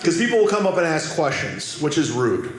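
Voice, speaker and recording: A man's voice: a little high, sing-song, brisk. A man doing a stand-up comedy set on a club stage, telling punchy, self-deprecating stories. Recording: echoey club with audience noise.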